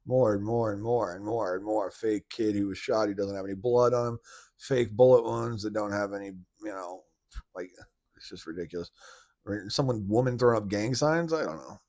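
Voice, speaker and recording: Rambling, blunt man with a low voice. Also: moderate pace, darkish tone. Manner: rambling, loose, many restarts and "like" fillers; blunt and mocking, with occasional swearing. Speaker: podcast host. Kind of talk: casual monologue commentary.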